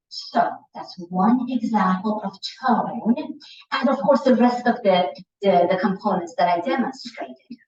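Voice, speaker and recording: A woman's voice: medium pitch, unhurried, a little mellow. Middle-aged woman coaching a class, roomy. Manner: demonstrative, shifts tone and pace to illustrate points. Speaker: communication coach giving a seminar. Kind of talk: lively presentation to a class. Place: lecture room. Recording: roomy, distant, dull lecture-hall recording.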